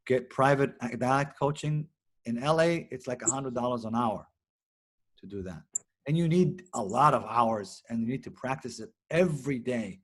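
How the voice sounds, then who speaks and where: Expressive Hebrew-native man in conversation. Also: mid-range voice. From Israel. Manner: animated, expressive, many restarts. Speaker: actor and director, interview guest. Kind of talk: casual interview conversation.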